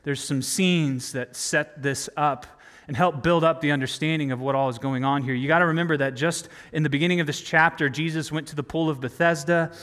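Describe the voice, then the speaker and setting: A man's voice: on the high side, fairly even intonation, brisk, fairly bright tone. A man preaching a sermon in a conversational way, asking his listeners rhetorical questions. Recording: long hall reverb.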